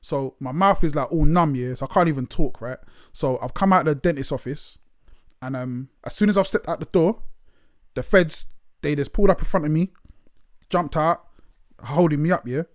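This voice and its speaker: A man's voice: on the high side, normal speed, pauses often. A man hosting a casual live chat, telling stories animatedly and acting out the exchanges. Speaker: host.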